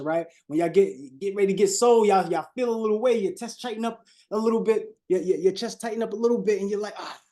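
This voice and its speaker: A man's voice: high-pitched, dark tone. A man with leading a live online sales coaching call, preachy and repetitive, often addressing the audience as y'all and shifting his tone on purpose.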